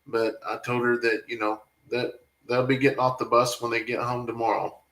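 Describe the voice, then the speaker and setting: A man's voice: medium pitch, flat delivery, normal speed, a bit bright, roomy sound, low-quality recording. Man chatting through viewer comments. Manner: rambling, emotional, talks back to viewer comments. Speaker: family farm vlogger reading live chat. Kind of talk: casual live-stream chat.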